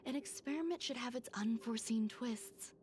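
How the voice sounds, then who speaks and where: A woman reading the lines of a detached female genius scientist from a video game, speaking calmly in a soft half-whisper. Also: fairly high pitch, moderate pace, slight background noise, lightly acted.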